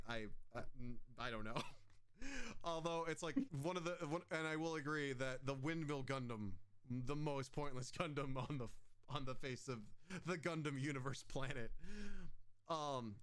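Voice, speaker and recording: A man's voice: mid-range voice, a bit bright, clean tone. A man hosting a casual chat, rambling and laughing often as he talks. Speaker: podcast host.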